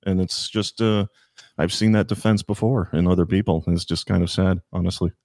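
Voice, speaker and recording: A man with a very low, deep voice, talking as a guest on a political podcast. He is measured and a little hesitant, pausing on fillers before making his points. The sound is dry, with no room echo. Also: steady tone, gravelly, a little mellow. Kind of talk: casual political chat.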